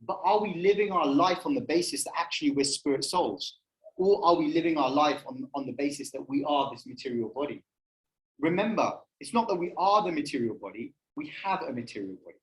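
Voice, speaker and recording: A man with a slightly high voice leads a relaxed group session on spiritual ideas. He talks loosely and full of fillers, and he keeps turning to the room with questions. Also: low-quality recording. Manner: conversational, many fillers, asks the room questions. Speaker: spiritual society session leader. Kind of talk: casual talk with audience questions. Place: room with in-person and online audience.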